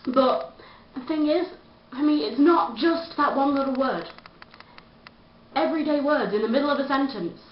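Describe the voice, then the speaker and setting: A woman's voice: sits high, normal speed, a little hiss or hum. A woman, vlogging a chatty, self-mocking rant to camera. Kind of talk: casual comedic rant to camera. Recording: dull lo-fi echoey room sound.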